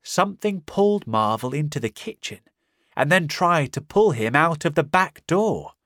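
A man narrating a simplified storybook in a slow, clear, careful reading. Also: a little high, big pitch swings, a bit bright, no echo, clean studio sound. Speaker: audiobook narrator. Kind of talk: scripted narration of a simplified reader.

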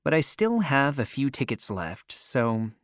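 Speaking slowly and at ease, a man narrates his own story in a sing-song way, his pitch moving expressively and his feeling plain to hear. It's a close, dry recording.

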